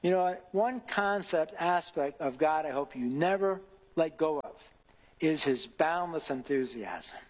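A man's voice: on the high side, animated, a little slow, big-room sound, rough recording. A man preaching an earnest devotional sermon who builds to emphatic rhetorical questions.

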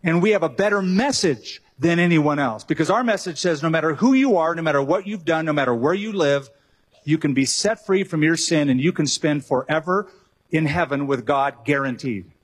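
A man preaching a sermon, animated, with joking asides and acted-out quotes. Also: fairly high pitch, normal speed, husky. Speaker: pastor.

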